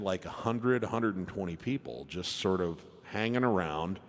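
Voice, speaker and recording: A man, a piano entertainer, telling a chatty, rambling story between songs at a live show. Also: lowish voice. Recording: long reverb with piano music.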